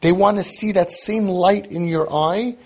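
Husky, slightly high-voiced man, emphatic parenting coach, informal talk. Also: measured pace, a little mellow. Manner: earnest, emphatic, Yiddish-laced speech.

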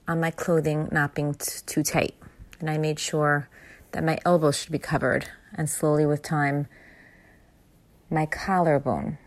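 A woman telling an earnest, heartfelt personal story to an audience of women, stressing her points with emphasis. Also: sits low. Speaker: inspirational storyteller addressing women.

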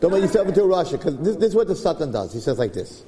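Lively joking man teaching Torah. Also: fairly high pitch, rapid-fire, hardly any pauses, long reverb tail. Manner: joking, conversational, acts out stories. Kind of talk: informal Torah class.

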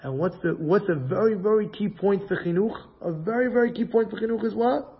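High-pitched man giving an animated religious talk. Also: brisk, gravelly, lo-fi sound. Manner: animated, acts out family dialogues. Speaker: Torah lecturer giving parenting advice.

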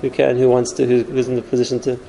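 A man's voice: medium pitch, monotone, fast, gravelly, dark tone, slight background noise, low-quality recording. A man giving an earnest spoken Torah class, explaining step by step with numbered points. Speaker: Torah teacher.

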